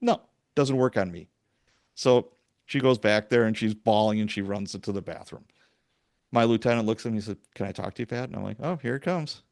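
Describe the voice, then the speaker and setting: Middle-aged ex-cop host: deep-ish voice, dry close mic, acts out every quote. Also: male voice, brisk, vocal fry, dry recording. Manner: animated storyteller, acts out quoted dialogue. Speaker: podcast host, retired police sergeant. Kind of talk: casual storytelling interview.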